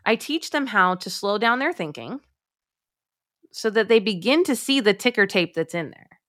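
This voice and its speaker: A woman's voice: mid-range voice, normal speed. A woman, a mom coach, talking as a podcast guest in an emphatic, direct way, acting out the thoughts she quotes. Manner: emphatic, direct, addresses listeners as "my friends"; acts out quoted thoughts in lively voices. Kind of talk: podcast interview.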